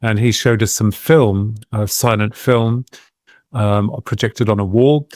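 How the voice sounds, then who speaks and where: A man with a fairly low voice tells a long personal story in a reflective, wandering way. He often pauses and restarts his sentences as he goes. The sound is dry and close. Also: fairly even intonation, a little mellow, no room sound. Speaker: guest, medium and UFO researcher. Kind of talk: casual podcast interview storytelling.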